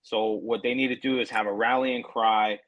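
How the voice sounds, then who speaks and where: Profane, animated male podcast co-host. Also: lowish voice, normal speed, no room sound, highs cut off. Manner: profane, animated, mocking voices of others. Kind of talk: casual heated chat. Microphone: remote call.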